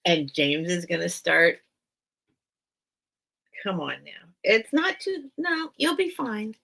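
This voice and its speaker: A woman hosting a casual live sale stream, reading a children's book aloud and choking up, with halting restarts. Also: medium pitch, gravelly, a bit bright. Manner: emotional, choking up while reading; slow, halting, with many restarts.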